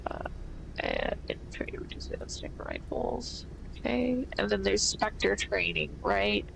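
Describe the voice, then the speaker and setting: Slow, gravelly woman streamer. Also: medium pitch, huge pitch swings, whispered, low-quality recording. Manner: thinks aloud, rambling with fillers. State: stuffy nose. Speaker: gaming streamer. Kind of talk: casual game commentary.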